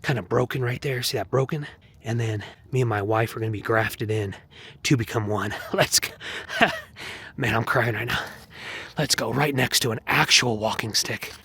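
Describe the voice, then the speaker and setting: A man's voice: mid-range voice, moderate pace, sharp tone, slightly rough. A man vlogging while walking on a mountain trail, talking in an earnest, rambling, preachy way. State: walking, heart rate up. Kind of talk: casual walking vlog testimony.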